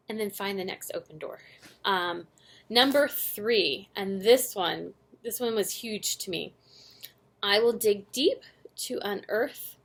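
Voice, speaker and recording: An earnest young woman gives a casual motivational recap to her team, speaking at a middle pitch. She talks in an animated way, laughs at herself and fills her pauses with ums and likes. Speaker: direct sales team leader.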